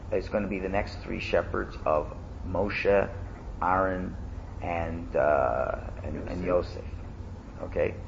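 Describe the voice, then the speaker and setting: A man teaching a casual class, lively and animated, chanting loudly when he demonstrates. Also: low-pitched, vocal fry, lo-fi sound, a little hiss or hum.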